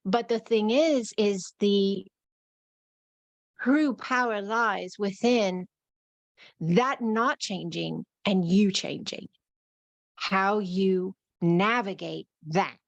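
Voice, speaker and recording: A woman's voice: medium pitch, very slow, vocal fry, dry recording. A woman with a New York accent giving a live-streamed spiritual talk in flowing, repetitive phrases. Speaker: spiritual teacher.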